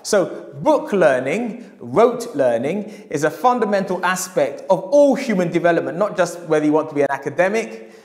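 A man's voice: a little high, lively intonation, normal speed. A middle-aged male historian giving a public lecture, with emphatic repetition and acted quotes when he tells a story. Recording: echoey hall.

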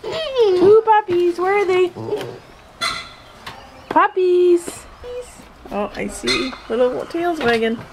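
High sing-song woman cooing at puppies. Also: lively intonation, slow pace, vocal fry, long pauses, noisy background. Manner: sing-song baby talk, laughing often. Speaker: dog owner filming her puppies. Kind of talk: cooing at puppies while filming.

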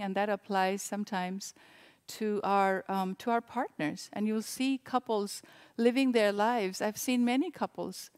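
Gentle woman giving a sermon. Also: on the high side, clear, resonant tone. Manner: gentle, reflective, with frequent restarts. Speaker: service leader.

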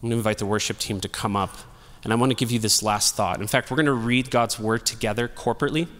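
A man's voice: mid-range voice, fairly even intonation, fast talker, fairly bright tone, in a large hall. A male pastor giving a sermon in a casual, humorous, storytelling way. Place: church sanctuary.

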